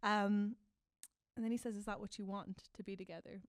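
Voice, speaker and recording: A woman co-hosting a podcast, chatting casually and animatedly about a TV show, swinging from loud excitement to soft, tender quoting. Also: medium pitch, fairly quick, dry recording, studio quality. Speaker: podcast co-host. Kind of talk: casual chat recapping a TV show.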